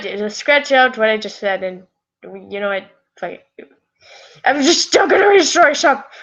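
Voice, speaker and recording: A woman's voice: medium pitch, a bit bright, highs cut off. A woman casually reading fan fiction aloud, rambling and correcting herself with chatty asides.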